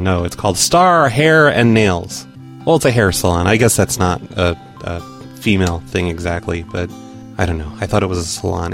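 A man making prank calls, talking to his listeners in between and posing as someone from a corporate office in a dry, mock-official tone. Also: sits low. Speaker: prank caller. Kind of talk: prank call commentary.

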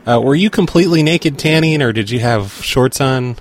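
This prank caller is a man with a medium-pitched, expressive voice at a normal speed, with a little hiss or hum in the recording. Between calls he talks to his listeners, and on them he poses as a corporate office representative in a dry, mock-official manner, making it prank call commentary.

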